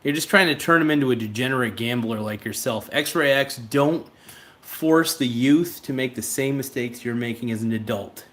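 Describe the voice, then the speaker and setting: Male stream host, mid-pitched, casual and rambling, blunt with chat. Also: moderate pace, fairly bright tone. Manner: rambling, blunt, reads viewer chats aloud. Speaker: livestream host.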